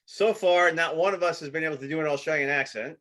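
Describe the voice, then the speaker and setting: A man from the United States co-hosting a casual podcast, talking fast and laughing a lot. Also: on the high side, sharp tone. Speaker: podcast co-host.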